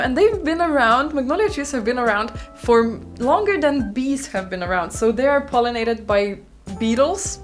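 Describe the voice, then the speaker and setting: A woman vlogging about her bullet journal in rambling, self-deprecating casual chat, speaking English as a non-native speaker. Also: on the high side. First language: not English. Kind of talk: casual chatty vlog.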